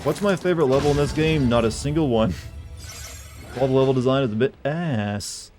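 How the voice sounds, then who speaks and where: Faint game music plays behind a man streaming a video game live, rambling casually, joking and swearing. His voice is mid-range and a little fast.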